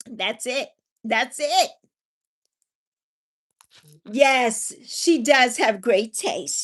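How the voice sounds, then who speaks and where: A woman's voice: a little high, expressive, drawn-out words, pauses often, fairly bright tone. A woman hosting a casual livestream, chatting with viewers in a bubbly, sing-song way and drawing out her words. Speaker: livestream host.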